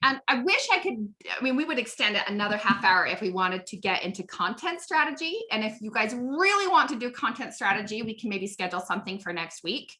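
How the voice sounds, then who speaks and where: A woman's voice: a little high, big pitch swings, brisk, hardly any pauses, sharp tone. A woman coaching a live online group on network marketing, chatty and upbeat, often asking "right?".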